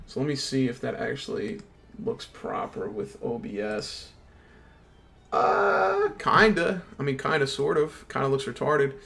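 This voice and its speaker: A man's voice: medium pitch, very animated, a little slow, gravelly, a bit bright. A young man streaming a game from his computer, ranting in a casual, profane, slang-heavy way. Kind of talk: casual gaming stream rant.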